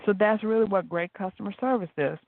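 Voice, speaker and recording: A man hosts a motivational podcast on his own, recounting stories with real animation and performing the quoted dialogue. His voice sits high, moves a little fast, and has some vocal fry. The sound is dry with no echo, tinny like a phone line.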